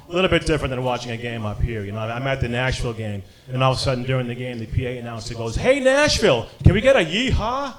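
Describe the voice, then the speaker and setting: A middle-aged man doing a stand-up set, punchy and wisecracking, with lots of "you know". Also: mid-range voice. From Boston area. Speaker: stand-up comedian. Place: comedy club stage with a live audience. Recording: live club recording, loud crowd. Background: audience laughter.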